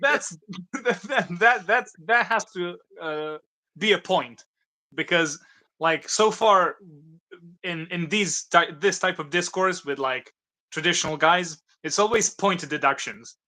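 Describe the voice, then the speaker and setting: High, bright, giggly man. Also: takes it slowly. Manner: joking, giggly, hypes the stream. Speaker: guest. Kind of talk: casual chat on a livestream.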